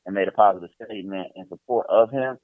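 A man's voice: deep voice, fast, dry recording, narrow, tinny audio. A man co-hosting a podcast, giving opinionated, slangy, rambling takes in casual chat. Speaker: podcast co-host.

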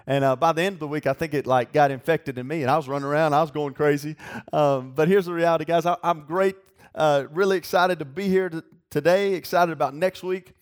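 A young adult man preaching a sermon in a folksy storytelling way, building to excited shouts. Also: fairly high pitch, fairly quick, clean tone. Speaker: youth pastor preaching.

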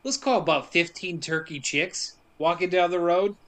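A man casually recapping a movie for a podcast, telling it with jokes and quick asides. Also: sits high. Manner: joking, animated storytelling with quick asides.

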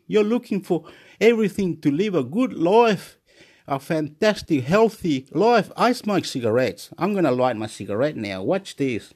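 A man at home, rambling through a repetitive, excitable motivational monologue, swinging between shouts and mutters. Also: fairly high pitch, moderate pace. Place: at home, indoors.

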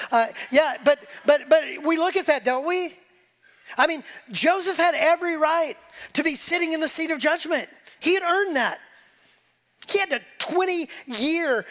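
A man giving a conversational sermon as pastor, animated and casual, acting out quotes as he preaches in a church. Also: extremely high pitch. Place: church sanctuary with congregation.

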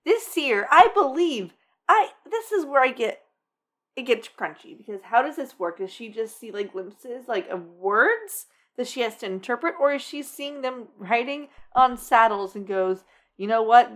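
Sarcastic woman, slightly high voice. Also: animated, moderate pace, a bit bright. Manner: dry, sarcastic asides. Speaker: podcast co-host. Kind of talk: casual TV recap chat.

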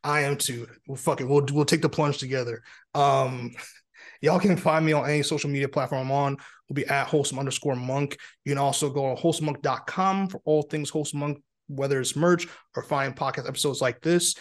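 A man's voice: medium pitch, steady tone, fairly quick. A man hosting a podcast in a casual, playful chat, teasing his guest and often repeating himself. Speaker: podcast host.

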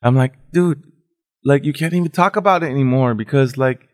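A man hosting a podcast in casual chat, animated and profane, acting out quoted dialogue. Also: mid-range voice, a little fast. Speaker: podcast host.

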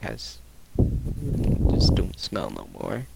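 A man teases his friends and blurts out random lines in a casual chat. His lowish voice is gravelly and swings widely in pitch. Loud background hiss runs through the recording. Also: huge pitch swings, takes it slowly.

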